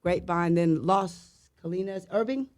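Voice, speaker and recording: With a fairly low voice at a moderate pace, a middle-aged woman whose officer spouse has died recounts a lengthy anecdote as a podcast guest. She's a vivid storyteller, imitating sounds and voices, captured in clean studio quality without room sound.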